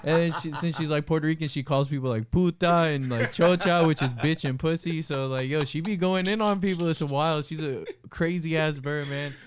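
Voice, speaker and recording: A man's voice: fairly high pitch, moderate pace, few pauses, a crowd in the background. A young man hosting a podcast, telling stories in a laid-back, slangy way. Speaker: podcast host. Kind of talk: casual chat.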